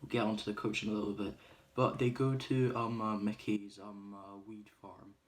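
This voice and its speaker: In a casual spoiler review, a man with a lowish, flat-pitched voice speaking at normal speed rambles through a film's plot, full of ums and uhs. This movie reviewer loudly performs the lines he quotes.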